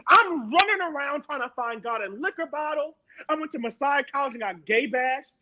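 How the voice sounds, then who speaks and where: A woman from Harrisburg, Pennsylvania, speaks as a panel guest in a strikingly high voice, pressing her points with emphatic repetition. The sound is dull and lo-fi. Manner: emphatic, repeats words for stress. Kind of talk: personal testimony in a panel talk.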